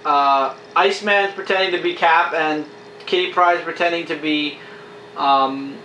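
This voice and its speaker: A man chatting casually as a comic book reviewer, enthusiastic and acting out characters' lines in quick quotes. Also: on the high side, sharp tone, distant mic. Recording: echoey room, faint hiss.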